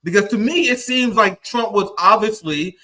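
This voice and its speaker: Man, stream host, political commentary, profane, animated, bright high voice. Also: moderate pace. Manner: profane, animated, acts out quotes in mock voices.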